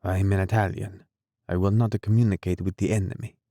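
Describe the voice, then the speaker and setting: A man's voice: sits low, flat delivery, fairly quick, dark tone, no echo, clean studio sound, close to an everyday voice. A man voicing a solemn, suspicious Italian barber. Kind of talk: audiobook character voice.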